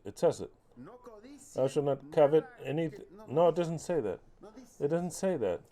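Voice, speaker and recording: A male preacher delivers a heated, combative sermon. His voice is warm and mellow and sits in a middle register. He mocks, curses and presses his listeners with rhetorical questions. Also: mid-range voice. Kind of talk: impassioned sermon.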